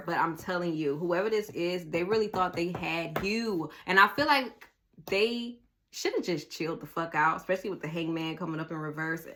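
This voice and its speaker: Blunt, animated woman doing a tarot reading. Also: lowish voice. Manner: animated, blunt, swears freely, talks straight to the viewer. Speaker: tarot reader. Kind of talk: casual tarot reading to viewers.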